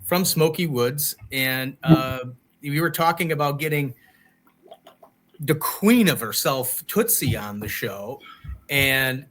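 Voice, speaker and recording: Bright-voiced chatty male podcast host. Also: mid-range voice, animated, slow pace. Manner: chatty, teasing, rambling. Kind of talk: casual chat.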